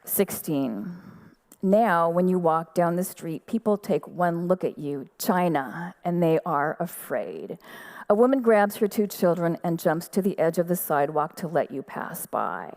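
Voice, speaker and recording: A woman giving a measured, quiet literary reading of her own fiction at an outdoor festival stage. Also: fairly low pitch, animated.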